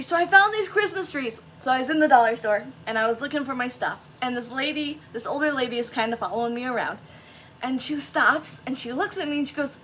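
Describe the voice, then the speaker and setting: A woman's voice: sits high, fairly bright tone, a little hiss or hum. A woman chatting through a craft tutorial, self-deprecating and talking straight to her viewers. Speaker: craft vlogger.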